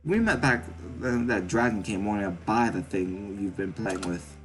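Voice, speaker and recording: A man's voice: on the low side, animated, moderate pace, fairly bright tone, soft background music. A man putting on a British accent to voice a cocky, blunt, streetwise male creature in a game reading, raising his voice above his own. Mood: brusque. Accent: British, put on. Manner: blunt, slangy, brushes off questions.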